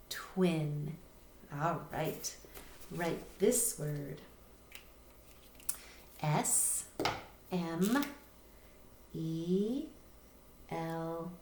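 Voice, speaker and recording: A woman's voice: fairly low pitch, a little mellow, reverberant, a little hiss or hum. A woman teacher giving a patient recorded phonics lesson to young children, spelling words out letter by letter. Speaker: reading teacher.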